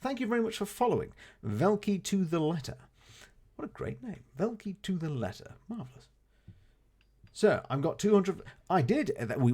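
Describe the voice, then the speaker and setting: A man's voice: a little high, warm tone, husky. A man streaming a game live, greeting viewers and chatting genially as he plays. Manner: chatty, genial, fond of exclamations like goodness gracious. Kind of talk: casual live-stream chat while playing.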